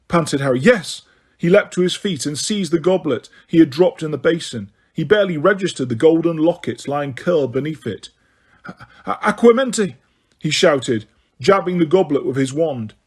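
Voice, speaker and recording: A man narrating an audiobook in a steady, measured way. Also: fairly high pitch, slightly rough.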